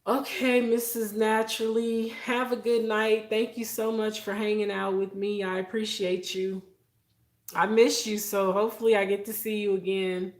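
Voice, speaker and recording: A woman's voice: medium pitch, level tone, moderate pace, reverberant. A woman hosting a casual livestream, chatty and heartfelt, talking straight to her viewers. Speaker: livestream host. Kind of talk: casual live-stream chat with viewers.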